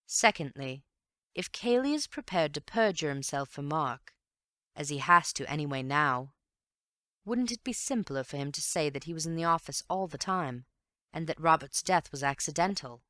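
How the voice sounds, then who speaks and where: A woman narrating a mystery audiobook in a measured, even storytelling manner. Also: low-pitched, no echo, clean studio sound. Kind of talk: scripted narration.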